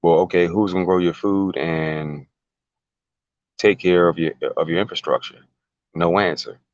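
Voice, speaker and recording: A man's voice: sits low, fairly even intonation, moderate pace, no echo, dull audio. A man talking as an interview guest, emphatic and casual, repeating words and firing rhetorical questions. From United States.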